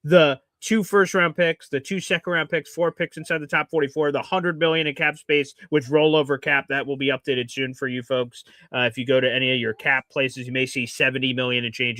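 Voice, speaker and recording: A man hosting a casual sports talk show, animated and jokey. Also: mid-range voice, no room sound. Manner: animated, jokey, mimics fans. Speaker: podcast host.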